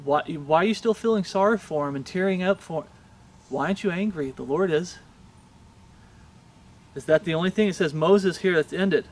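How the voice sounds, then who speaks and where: A male pastor preaching a sermon with passion, reading scripture aloud and pressing the listeners with rhetorical questions. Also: a little high.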